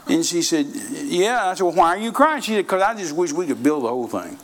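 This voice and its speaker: A man's voice: a little high, very animated, fairly quick, fairly bright tone. A middle-aged man preaching a sermon, telling folksy stories and repeating phrases for emphasis.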